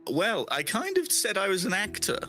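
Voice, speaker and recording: A man's voice: high-pitched, huge pitch swings, moderate pace, sharp tone, faint music behind. A man speaking in character during a tabletop role-playing game, often laughing and hesitating mid-sentence. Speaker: player.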